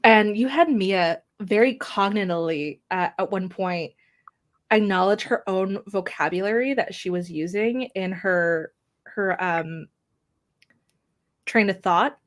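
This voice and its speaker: A woman co-hosting a podcast, talking excitedly about a book she loves in casual chat. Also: medium pitch, unhurried. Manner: excitable, gushing fan. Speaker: podcast co-host.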